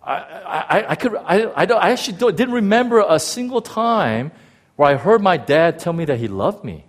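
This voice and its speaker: A man's voice: high-pitched, normal speed. A middle-aged male pastor telling a personal story in a sermon, acting out voices and often stammering into restarts. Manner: animated, acts out quotes, frequent stammered restarts.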